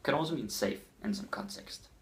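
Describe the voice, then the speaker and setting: A man with a Danish accent teaching his language in a casual lesson, repeating phrases slowly for learners. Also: medium pitch, animated. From Denmark.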